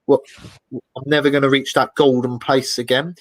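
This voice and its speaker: A man, the guest in an interview, telling lively anecdotes in a casual way and acting out the voices of people he quotes. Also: medium pitch, fairly quick, dry recording, low-quality recording. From Britain. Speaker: expedition guest.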